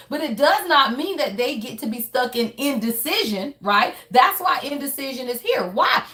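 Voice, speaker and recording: Woman, tarot reader. Bright, sharp tone, profane and direct. Talks to viewers the whole time. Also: high-pitched. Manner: blunt and profane, constantly addressing viewers directly; emphatic, with frequent rhetorical tag questions. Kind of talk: casual spiritual reading.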